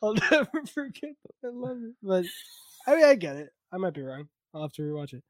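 A man with a fairly high voice hosts a casual movie review podcast over an online call. He rambles and laughs often, poking fun at himself. The sound is dry and close on his computer mic. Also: big pitch swings, fairly quick, no echo. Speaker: podcast host.

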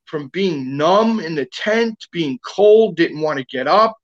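A man's voice: a little high, expressive, slow, lo-fi sound. A man guest telling a long personal story in casual talk, rambling with lots of fillers and restarts.

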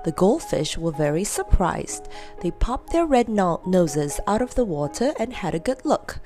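A woman narrates a children's story with an animated, rising and falling voice. Her tone is mellow and relaxed, with faint music underneath. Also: lowish voice, measured pace. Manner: lively, expressive.

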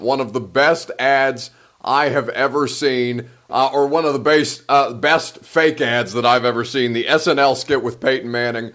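A man's voice: medium pitch, fairly even intonation, normal speed, a bit bright. A man hosting a casual sports talk show, chatty, laughing at his own jokes and reading sponsor plugs.

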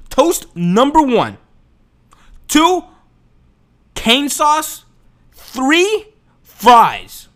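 Guy going off in a profane rant, high voice that jumps all over. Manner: profane, animated, exasperated ranting with slang. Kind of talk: casual ranting monologue.

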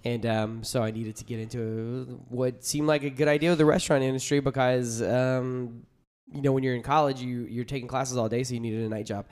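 A man talking as a guest on a casual podcast, with an ordinary mid-range pitch. He jokes freely and drifts through long stories, filling his speech with ums and uhs. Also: steady tone, a little fast, a little mellow. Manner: joking, rambling storyteller.

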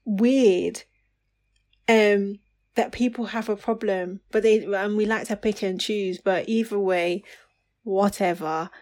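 A woman's voice: medium pitch, fairly even intonation, slow pace, darkish tone. A woman, co-hosting a casual chat, blunt and sarcastic. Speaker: podcast co-host.

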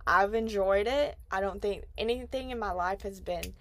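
Woman in her 20s, podcast host, loose chatty delivery full of fillers, gravelly fry, dry room. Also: mid-range voice, moderate pace, no echo. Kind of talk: casual chat.

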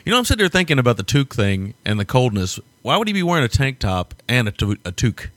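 A man's voice: medium pitch, very animated, fast, a bit bright, dry recording. A man from the United States co-hosting a film podcast, rambling casually, laughing often and swearing now and then. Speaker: podcast co-host. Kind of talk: casual film review chat.

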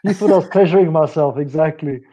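A man's voice: on the high side, quick pace, crowd noise, low-quality recording. A man from South Africa telling a story in a casual, rambling way, correcting himself as he goes. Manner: rambling, self-correcting, laughs often. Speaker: guest speaker on stretching. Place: home office.

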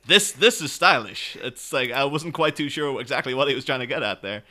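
A male podcast co-host with a mid-range, sharp-toned voice talks fast in a casual chat. He rambles informally, uses lots of fillers and laughs easily.

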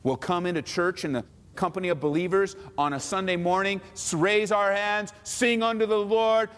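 A man preaching a sermon as a pastor, lively and acting out mocking voices of others. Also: sits high, moderate pace, big-room sound.

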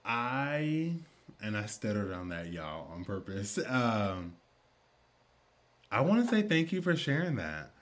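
A man with a somewhat low voice hosts a conversational podcast. He talks in a candid, chatty, affirming way, opening up about himself as he interviews his guest. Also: sing-song, takes it slowly, a bit bright. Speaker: podcast host.

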